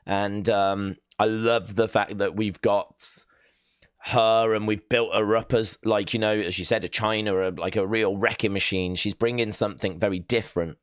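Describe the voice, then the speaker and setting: A man's voice: lowish voice, steady tone, normal speed, clean tone, no room sound, clean studio sound. A man hosting a live watch-along stream, chatting casually and rambling a little as he reads out viewer messages. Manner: chatty, rambling, self-mocking, with fillers.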